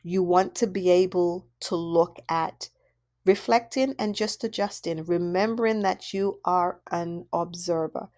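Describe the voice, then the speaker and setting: A woman's voice: fairly low pitch, unhurried, darkish tone. A woman coaching parents in an audio workbook, talking conversationally and asking many rhetorical questions. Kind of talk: instructional audio workbook talk.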